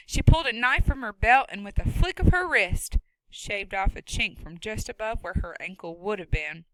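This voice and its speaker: A woman's voice: medium pitch, pushed and bright, no room sound, low-quality recording. A woman narrating a novel steadily and expressively, close to a studio mic. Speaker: audiobook narrator. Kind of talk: scripted narration.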